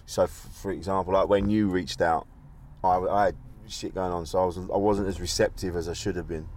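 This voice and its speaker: A man hosting a casual chat, agreeable and quick to laugh, dropping in lots of yeahs. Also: low voice, fairly even intonation, a little mellow. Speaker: podcast host. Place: car park.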